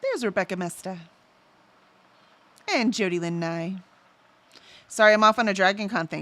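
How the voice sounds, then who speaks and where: A woman's voice: medium pitch, sing-song, moderate pace, pauses often, bright, forceful tone. A woman hosting a casual livestream, chatting and reading out viewer messages, easily sidetracked and full of fillers. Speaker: livestream host.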